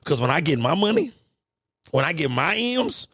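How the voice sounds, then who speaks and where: A man hosting a podcast, ranting in a casual, profane, animated monologue. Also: fairly high pitch, moderate pace, husky, no room sound, studio quality. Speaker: podcast host.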